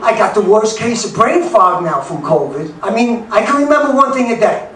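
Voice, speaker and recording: A man, doing a blunt stand-up set in a club, with sudden loud outbursts. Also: high voice, expressive, normal speed. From New York. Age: 70s. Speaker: stand-up comic. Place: comedy club in Denver. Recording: echoey club from far off, background noise.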